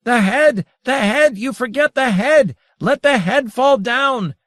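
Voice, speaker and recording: A man voicing a frenzied male figure who shouts high and loud in prophetic fervor, in a storybook reading. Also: animated, slow pace, no room sound, studio quality, exaggerated voice.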